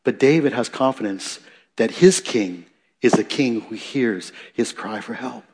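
Preacher with swinging intensity. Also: male voice, medium pitch, measured pace, breathy edge. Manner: dynamic preaching, rising for emphasis and dropping soft; conversational asides and self-corrections. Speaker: pastor. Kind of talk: sermon.

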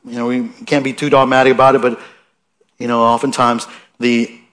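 A man's voice: medium pitch, level tone, a little fast, fairly bright tone. A man preaching a sermon in a conversational way, asking his listeners questions and reading scripture aloud with rising emphasis. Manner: conversational, asks the listeners questions, restarts often.

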